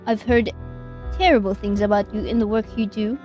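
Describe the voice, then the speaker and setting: A woman's voice: medium pitch, steady tone, warm tone, soft background music, close to an everyday voice, low-quality recording. A woman reading as Nocturne, a cool mysterious witch. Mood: smooth. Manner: formal, measured, faintly mocking. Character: tall poised female witch, mysterious and cool. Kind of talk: reading game dialogue aloud.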